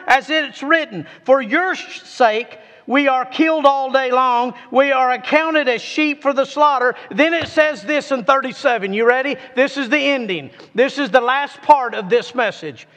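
A man preaching a sermon, reading scripture with emphatic, drawn-out stresses and calling on his congregation to repeat after him. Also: extremely high pitch, a bit bright. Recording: long reverb of a large hall.

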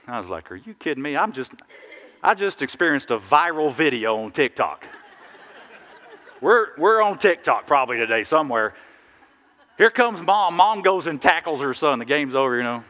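A man preaching a sermon, telling stories in a lively, animated way with sudden loud bursts. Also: fairly high pitch, normal speed. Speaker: pastor. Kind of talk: sermon with storytelling. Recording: dull sound in a big reverberant hall.

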